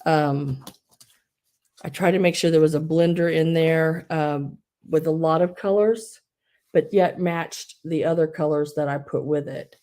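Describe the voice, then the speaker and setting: A low, mellow-voiced woman chats her way through a live online sale. She rambles, restarts her sentences and fills gaps with ums, and her breath is a little wheezy. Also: steady tone, a little slow. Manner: rambling, many fillers and restarts. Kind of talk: casual live sales chat.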